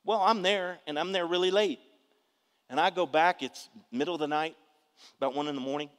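A man, preaching a testimony in an animated storytelling way with bursts of shouting. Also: fairly high pitch, brisk, long reverb tail. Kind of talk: testimony sermon.

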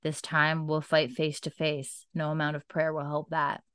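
A woman lightly voicing a stern warrior, a man of few words with a low, grave tone. He speaks slowly and evenly, and his voice is close and dry. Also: monotone, fairly bright tone, smooth, no echo. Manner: grave, measured, lowered voice.

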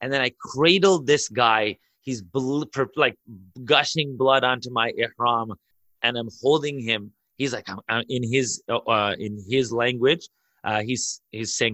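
A man with a bright, forceful voice recounts a story in a podcast chat. He is excitable, laughs between lines and rushes in bursts. The sound is close and dry. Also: mid-range voice, dry recording. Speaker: imam and podcast guest.

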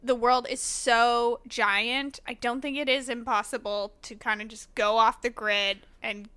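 A young woman with a high, bright voice chats in a hesitant way, restarting her sentences as she thinks aloud. The sound is close and dry. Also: little pitch movement, unhurried, smooth, no room sound. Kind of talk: casual chat.

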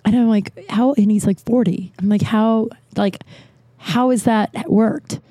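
A woman hosting a casual solo podcast, telling stories in an animated way, laughing often and acting out what other people said. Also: fairly high pitch, unhurried, no echo. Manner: animated, laughing, acts out quoted voices. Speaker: podcast host.

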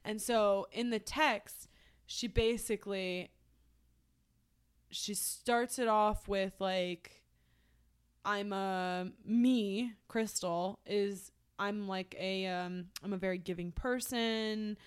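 Young woman, podcast co-host, casual storytelling, clear smooth voice, rambling with fillers. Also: medium pitch, fairly even intonation, slow. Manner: rambling, heavy use of "like", restarts.

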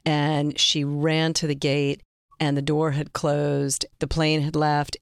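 Casting: woman host, gravelly low-edged voice, dry close sound, chatty interviewer. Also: little pitch movement, normal speed, dry recording. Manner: warm, conversational, retells stories. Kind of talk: podcast interview.

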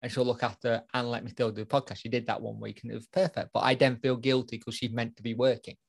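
A man co-hosts a relaxed podcast conversation at a middle pitch. He rambles through stories and pokes fun at himself in a loose, chatty way. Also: fast talker, creaky. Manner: rambling, self-mocking storyteller. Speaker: podcast co-host and parent. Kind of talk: casual chat.

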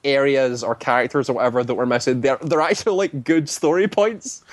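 A man chatting casually, retelling a story at length and often slipping into quick acted-out quotes. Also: medium pitch, dry recording. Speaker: guest describing a video game. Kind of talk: casual chat.

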